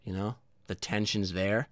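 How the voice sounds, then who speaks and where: A man's voice: fairly low pitch, no echo. A man hosting his own show in a casual solo monologue, rambling, swearing and mocking himself with lots of energy. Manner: rambling, profane, self-mocking. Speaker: podcast host.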